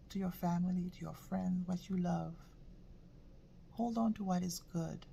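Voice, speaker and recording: A woman giving a casual tarot reading, halting and reflective, often repeating words and dropping into soft whispers. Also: fairly low pitch, gravelly, a little hiss or hum. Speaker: tarot reader.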